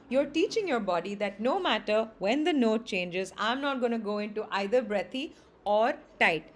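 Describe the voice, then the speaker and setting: A woman with a high, bright-sitting voice leads a group singing class over a video call. She talks students through technique and demonstrates each exercise by singing it herself, sprinkling her corrections with affectionate nicknames. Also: expressive, normal speed, soft background music. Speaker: voice teacher. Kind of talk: online group singing lesson.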